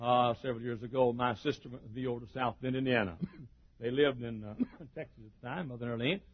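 A man preaching a sermon, telling stories, breaking into shouted exclamations and chuckles. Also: mid-range voice, brisk. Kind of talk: sermon with storytelling. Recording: dull lo-fi recording.

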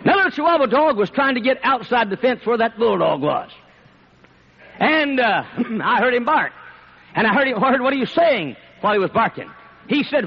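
High-voiced, husky man preaching. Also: sing-song, moderate pace. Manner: emphatic, repetitive, rising to shouts. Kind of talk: sermon. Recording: dull lo-fi recording.

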